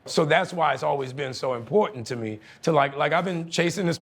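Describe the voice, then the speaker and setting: A man, telling profane, animated stories as a guest on a casual podcast. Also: on the high side, fairly quick. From New Orleans, USA. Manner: animated, profane storytelling with frequent laughter. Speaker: guest actor. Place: podcast studio.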